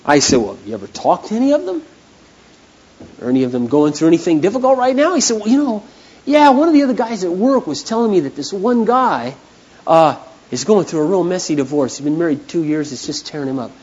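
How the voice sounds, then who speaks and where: A man preaching a sermon as a pastor, telling stories with an animated manner that swings from hushed to loud. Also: on the high side, quick pace, breathy edge, lo-fi sound. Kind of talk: storytelling sermon.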